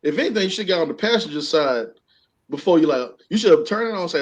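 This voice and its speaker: Man, podcast host, casual joking chat, playful voices, slightly high voice, dull lo-fi sound. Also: fast talker. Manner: animated, acts out voices while joking.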